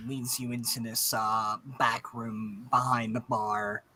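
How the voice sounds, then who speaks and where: A man's voice: medium pitch, flat delivery, takes it slowly, pushed and bright. A man narrating a tabletop game as game master, casual and loose with salty asides.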